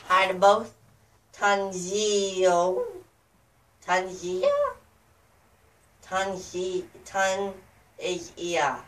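A woman's voice: on the high side, bright, forceful tone. Rambling, joking woman recorded from afar. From United States. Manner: rambling, joking, easily sidetracked. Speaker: YouTuber addressing viewers. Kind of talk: casual rambling vlog. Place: outdoors in the cold. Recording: distant mic with faint outdoor ambience.

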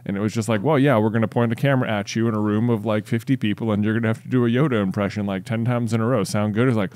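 A man's voice: fairly low pitch, steady tone, racing, darkish tone, no room sound. A man co-hosting a podcast in casual chat, telling stories in a wry, understated way. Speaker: podcast co-host.

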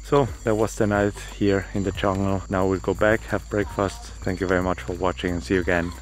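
A fairly low-voiced man chats to his camera in a casual travel vlog, candid and self-mocking as he goes. He is recording outdoors in a rainforest, and a loud bed of crickets and insects runs under every word. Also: flat delivery, fairly quick, slight background noise. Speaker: travel vlogger. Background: insects and crickets of the forest.

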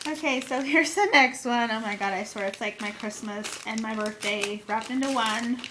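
Gushing high-voiced woman unboxing gifts. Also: poor audio. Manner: gushing and excitable, gasps and repeated exclamations. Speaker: crafting vlogger. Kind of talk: casual unboxing haul video. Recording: steady background noise.

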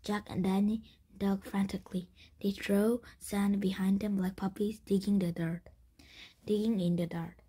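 A woman reading a children's chapter book aloud, breathy and often whispered, with frequent slips and restarts. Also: mid-range voice, little pitch movement, moderate pace, dark tone. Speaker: story reader.

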